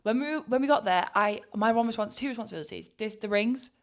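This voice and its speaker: A woman's voice: mid-range voice, fast talker. A woman co-hosting a podcast, telling a story with lots of energy and acting out the people in it. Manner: animated storyteller, acts out quoted people. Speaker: podcast co-host. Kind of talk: casual chat.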